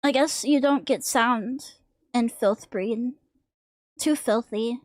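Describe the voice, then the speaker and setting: A young woman with a high, girlish voice talks slowly and loosely while she draws on stream. She rambles and swears casually, with a dry, close sound from a desk mic. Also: a little mellow, no room sound. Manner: rambling, joking, crude. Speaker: vtuber streamer.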